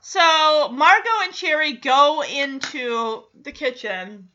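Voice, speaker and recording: Her bright, forceful voice sits high, with lively intonation but a slow pace, as this young woman animatedly rehashes a TV episode. She gossips, teases and laughs a lot, all captured on dull lo-fi audio.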